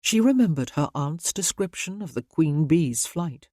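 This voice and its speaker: Woman, audiobook narrator, calm, measured, dry close-miked sound. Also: deep voice, dry recording.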